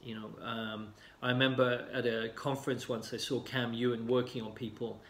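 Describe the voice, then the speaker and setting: Man, mid pitch, easygoing coach explaining in a roomy space; filler-heavy, mimics the people he describes. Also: normal speed, slight background noise. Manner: relaxed, explanatory, many fillers, acts out clients' lines. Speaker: healing coach. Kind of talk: casual talk to camera. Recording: roomy echo.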